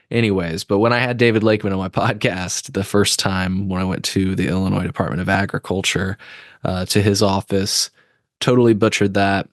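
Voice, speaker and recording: A man hosting a podcast, talking in a loose, self-deprecating ramble. His voice sits a little low and sounds close and dry, with no room around it. He drops the odd swear word casually. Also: dry recording. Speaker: podcast host. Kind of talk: casual commentary.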